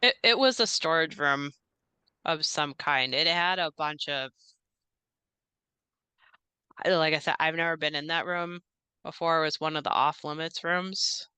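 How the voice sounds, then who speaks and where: Woman doing a nervous rambling house worker, low smooth voice, bright edge. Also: normal speed, no room sound. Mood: hesitant. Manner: hesitant, rambling, many fillers. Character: polite, nervous male house staffer.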